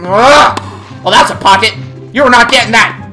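A gaming channel host giving excited let's-play commentary and often yelling at the game. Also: mid-range voice, moderate pace. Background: game music.

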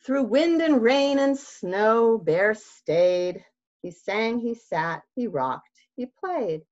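A woman librarian reads a picture book aloud to young children in a sing-song, expressive way, gasping and asking them questions. She takes her time, and her pitch rises and falls widely. The audio sounds dull and lo-fi, like a video call. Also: slow.

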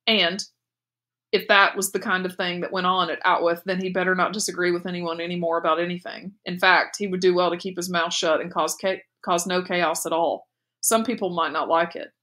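A woman teacher reading a novel aloud in steady, clear storytelling narration. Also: lowish voice. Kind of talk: audiobook read-aloud narration.

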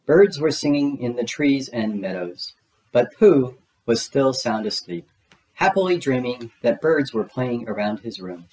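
Male storybook narrator, very lively pitch, mid-range voice. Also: low-quality recording. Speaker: storybook reader. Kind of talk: children's read-aloud narration.

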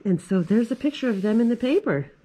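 Children's librarian, woman, forties: storytime reader, animated, chatty with kids. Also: fairly high pitch, fairly quick, husky. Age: 40s. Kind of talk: reading a picture book aloud to children.

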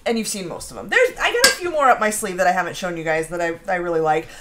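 A woman's voice: fairly low pitch, very animated, quick pace, background noise. A woman hosting a casual home baking live stream, chatting and reading out viewer comments. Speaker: baking show host. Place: home kitchen.

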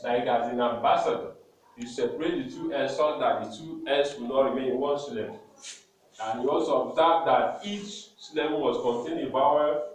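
A male teacher giving a lesson slowly and deliberately, repeating each word for emphasis. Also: mid-range voice. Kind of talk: classroom lesson. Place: classroom. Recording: very echoey classroom, mic far off, faint noise.

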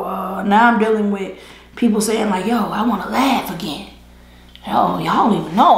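Woman vlogger, high voice, earnest slangy pep talk, echoey room. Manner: earnest, preachy, swings into laughter and slang. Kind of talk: casual heartfelt monologue while eating. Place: indoors at home, eating a seafood boil.

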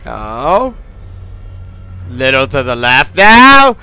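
A man's voice: mid-range voice, very animated, very slow, pushed and bright, clean tone, faint music behind. A man commentating on his gameplay in a casual, frustrated and sarcastic way, swearing often. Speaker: let's play commentator.

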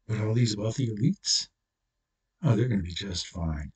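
A man's voice: on the low side, moderate pace, husky. Profane, combative man ranting from a distance. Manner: profane, blunt, confrontational. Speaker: channel host. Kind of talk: angry solo rant to camera.

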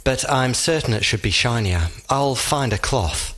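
A timid, self-doubting male animal in an audiobook, as its male reader plays him. He speaks hesitantly and earnestly, in a mid-pitched voice close to a plain reading voice. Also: lively intonation, unhurried, a bit bright. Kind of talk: audiobook character voice.

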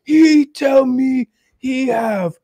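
A man voicing a simple-minded male talking ape who speaks in halting broken English, in a squeaky, strained voice, while retelling a comedy skit. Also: mellow, exaggerated voice. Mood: pleading.

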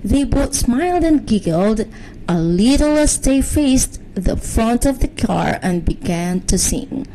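A woman reading a bedtime story aloud in a gentle, soothing manner. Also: a little high, very animated, takes it slowly, slight background noise, low-quality recording.

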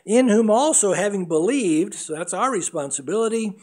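Middle-aged male pastor, earnest sermon delivery, higher-pitched voice. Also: lively intonation, moderate pace, darkish tone. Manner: earnest preaching, acts out voices in anecdotes.

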